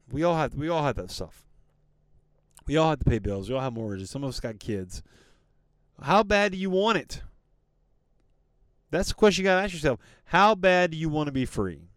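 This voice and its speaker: A man's voice: mid-range voice, a little mellow, smooth, no echo. A man hosting a podcast, giving a casual but preachy motivational monologue straight to his listeners with rhetorical questions and lots of "man" and "you know". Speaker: podcast host.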